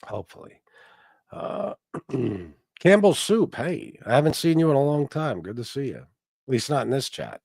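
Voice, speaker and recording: A man's voice: medium pitch, very animated, a little slow, vocal fry, darkish tone, breathy edge, no room sound, studio quality. A man hosting a casual livestream, rambling and swearing in a mock-heartbroken way while greeting chat members. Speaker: livestream host. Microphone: desk microphone.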